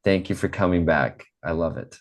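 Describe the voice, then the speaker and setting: A man teaching an online English class, patient and encouraging, drilling words slowly and clearly. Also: low voice.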